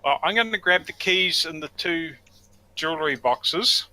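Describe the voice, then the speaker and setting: A man's voice: a little high, animated, a little slow, pushed and bright, low-quality recording. A man playing in a tabletop game, asking practical questions in casual chat. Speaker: player.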